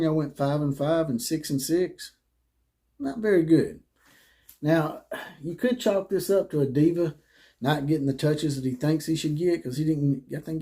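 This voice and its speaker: Man, sports commentary host, blunt and mocking, mellow tone, slightly high voice.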